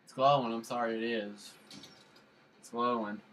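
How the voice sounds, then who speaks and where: A man's voice: mid-range voice, fairly even intonation, normal speed, a bit bright, rough recording. A man giving casual let's play commentary. He rambles while playing and keeps repeating silly catchphrases. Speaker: gamer.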